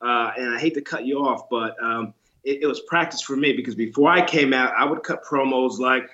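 Man: Bright, animated storyteller. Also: mid-range voice, a little fast, hardly any pauses, muffled recording. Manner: animated storyteller, acts out quotes with voices. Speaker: podcast guest, former wrestler. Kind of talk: casual interview chat.

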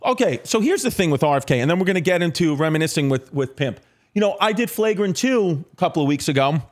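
A man's voice: a little high, lively intonation, quick pace. A man hosting a podcast, rambling and joking in casual chat with plenty of fillers. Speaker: podcast host.

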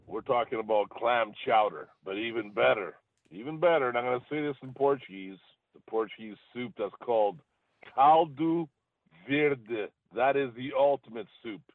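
A man's voice: mid-range voice, moderate pace, dry recording. A male caller leaving a phone message, enthusiastic but hesitant, full of ums and uhs. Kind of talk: phoned-in voicemail. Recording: dry tinny phone line.

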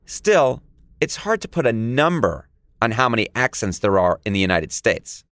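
A man's voice: fairly low pitch, big pitch swings, normal speed, fairly bright tone, no room sound, clean studio sound. A young man with a New York accent, hosting a podcast with playful, jokey narration. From New York area. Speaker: podcast host. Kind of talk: scripted podcast narration and chat.

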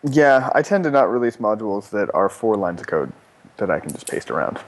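A man's voice: fairly low pitch, big pitch swings, fairly quick. A man on a podcast panel, talking casually in a blunt, joking way. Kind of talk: casual chat.

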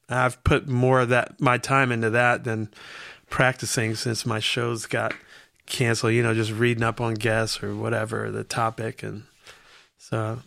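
A man with a gravelly voice hosts a relaxed podcast chat. His pitch sits in the middle, and he thinks out loud, pausing on "uh" and "you know". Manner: reflective, hesitant, many fillers. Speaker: podcast host. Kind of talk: casual podcast conversation.

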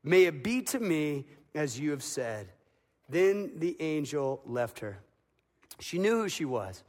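A man preaching a dramatic sermon as a pastor, building to loud emotional peaks. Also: a little high, very animated, takes it slowly. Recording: long reverb of a large hall.

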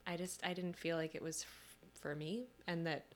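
Woman host, lower voice, easygoing and supportive, casual interview chat. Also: flat delivery, moderate pace. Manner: supportive, gentle questions. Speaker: podcast host.

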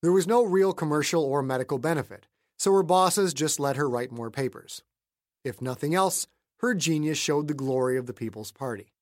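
A man narrating a novel as an audiobook in an even, measured storytelling voice. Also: on the high side, dry recording, clean studio sound. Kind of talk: scripted narration.

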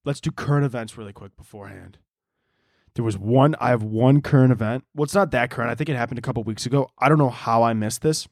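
A man's voice: medium pitch, fast talker, no echo, clean studio sound. A young man hosting a podcast, rambling through a profane, comedic monologue. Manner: profane, rambling, animated storytelling. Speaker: podcast host.

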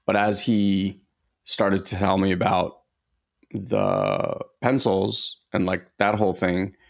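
Gravelly low-voiced man telling a heartfelt story. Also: expressive. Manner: heartfelt, halting, many fillers and restarts. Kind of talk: casual conversational storytelling.

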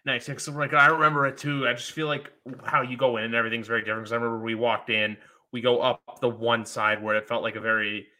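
Male podcast host, bright tone, rambling and eager casual chat. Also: medium pitch, quick pace. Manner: rambling, excited, lots of fillers.

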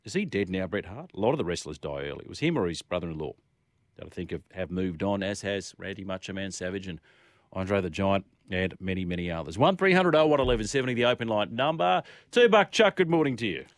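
Low-voiced, chatty male radio host, dry studio. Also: very animated, fast talker, no echo. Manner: chatty, reads listener texts aloud, playful crowd chants. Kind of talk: talkback radio chat. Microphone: studio microphone.

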